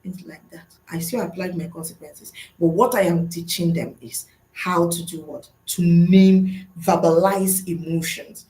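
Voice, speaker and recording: A woman's voice: fairly low pitch, fairly even intonation, unhurried, few pauses, warm tone, roomy sound, low-quality recording. A middle-aged woman, a school psychologist, giving a webinar lesson to teachers in an earnest, teacherly way and answering her own rhetorical questions.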